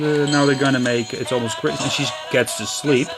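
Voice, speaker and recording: Male gamer, mid-pitch, rambling let's-play chat with loud game music behind. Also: normal speed, few pauses. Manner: chatty, rambling, with frequent apologies and restarts. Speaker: gaming channel host. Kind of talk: casual let's-play commentary. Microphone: camera mic filming a handheld console screen.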